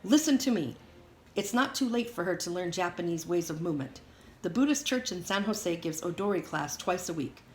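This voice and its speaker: A woman reading aloud as a stern, furious immigrant father who lectures his daughter loudly. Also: on the low side, animated, moderate pace, lightly acted. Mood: angry scolding. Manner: loud, scolding lecture. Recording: roomy echo, faint hiss.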